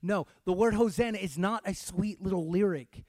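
A man from Texas, with a voice that sits a little high, delivers a sermon in a dramatic style. He moves from hushed, intimate lines to loud, pleading cries. The sound is dry and close, with no room around it. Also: normal speed, no room sound. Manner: dramatic, swings from hushed to shouting. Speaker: pastor.

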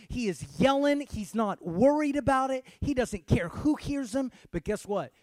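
A man from Texas, with a voice that sits a little high, delivers a sermon in a dramatic style. He moves from hushed, intimate lines to loud, pleading cries. The sound is dry and close, with no room around it. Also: expressive, normal speed, few pauses, no echo. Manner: dramatic, swings from hushed to shouting. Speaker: pastor.

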